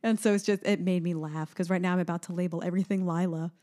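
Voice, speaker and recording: A woman in her thirties co-hosts a casual chat, telling lively everyday stories. She slips into quick voiced quotes as she goes, and sounds a bit sleepy. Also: lowish voice. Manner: chatty, animated storytelling with voiced quotes. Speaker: podcast co-host and mother.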